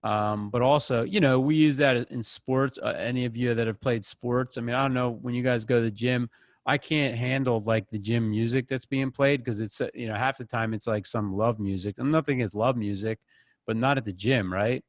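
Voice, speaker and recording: A man teaching an acting class in a loose, conversational voice. He talks casually and gets animated, playing out the people he quotes. The sound is dry and close to the mic. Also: mid-range voice, moderate pace, dry recording. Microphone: close microphone.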